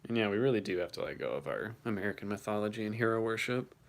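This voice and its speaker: A man's voice: on the low side, lively intonation, fast, creaky. A young man hosting his first livestream, reading chat and reacting casually, swearing now and then, his voice shaking from the cold.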